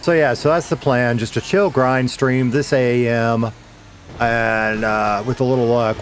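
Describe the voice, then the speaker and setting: A middle-aged former radio DJ streams a game and chats with viewers in a laid-back way, swearing now and then. His medium-pitched voice is steady and unhurried, with slight background noise.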